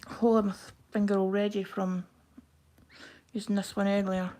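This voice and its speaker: A woman with a broad Scottish accent chatting quickly and casually to viewers on a live craft stream while she stitches. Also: mid-range voice, flat delivery, mellow. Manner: quick-talking, chatty, self-deprecating. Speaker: craft livestream host.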